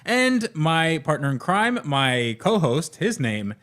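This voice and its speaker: A man's voice: a little high, very animated, slow pace, a bit bright. Rambling jokey podcast host man. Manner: rambling, jokey, lots of fillers and restarts. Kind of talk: casual car podcast chat.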